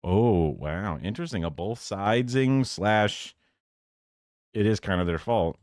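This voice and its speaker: Sarcastic low-voiced male streamer, dry sound. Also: expressive, unhurried, darkish tone, dry recording. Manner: rambling, sarcastic, swears, mocks in put-on quotes. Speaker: streamer reacting to news clips. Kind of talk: casual live-stream commentary.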